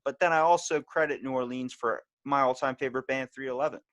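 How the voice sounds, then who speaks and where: Baltimore man hosting a casual podcast, animated storyteller who acts out quotes. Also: medium pitch, quick pace. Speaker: podcast host. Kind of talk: casual chat.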